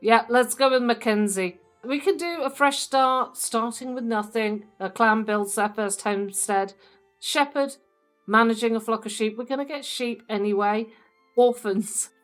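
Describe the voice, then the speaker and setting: A woman's voice: a little high, measured pace, faint music behind. Chatty woman hosting a game let's-play. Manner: chatty, upbeat, addresses viewers as guys. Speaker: gaming channel host. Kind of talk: casual let's-play commentary.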